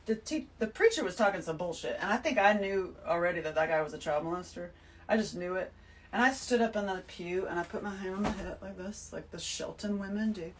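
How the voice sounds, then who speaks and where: A woman giving an emphatic, animated spiritual talk to her listeners, full of swearing. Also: mid-range voice, a little fast, recorded from a distance, slight background noise, low-quality recording. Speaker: host. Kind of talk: spiritual monologue to camera.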